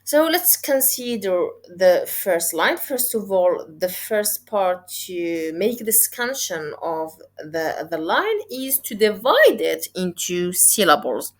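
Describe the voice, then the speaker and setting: A woman teaching poetry, explaining step by step in a deliberate way and checking in with "okay?". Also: lowish voice, very animated. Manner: deliberate, counts syllables aloud, frequent "okay?" checks. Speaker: literature teacher. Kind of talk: explaining poem analysis step by step.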